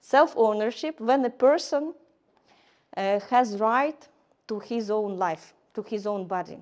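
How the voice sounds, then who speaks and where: A woman giving a lecture in English, halting often with fillers and restarts. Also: a little high, darkish tone. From Ukraine. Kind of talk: lecture to a class.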